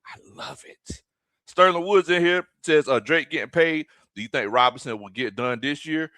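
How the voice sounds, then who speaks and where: A man, a former football coach hosting a casual sports livestream in a folksy, animated way, shouting out viewers by name. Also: on the high side, normal speed, no echo.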